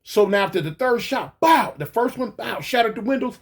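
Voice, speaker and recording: A man casually recounting a past event, animated, stumbling over restarts and mouthing gunshot sounds. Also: high voice, fairly quick, vocal fry. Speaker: guest recounting a shooting. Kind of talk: casual storytelling.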